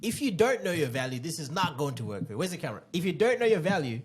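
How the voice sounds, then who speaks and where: A man co-hosting a podcast, a former dating coach giving animated advice, repeating key phrases for emphasis. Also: a little high, fast talker, breathy edge. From Australia.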